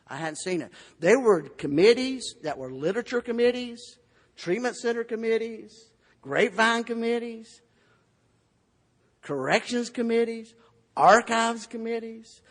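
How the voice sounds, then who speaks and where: A man with a Southern US accent from Florida, telling his recovery story in a folksy, humorous way at a convention podium. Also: sits high. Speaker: AA convention speaker. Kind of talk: recovery testimony talk. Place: large convention hall. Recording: long hall reverb.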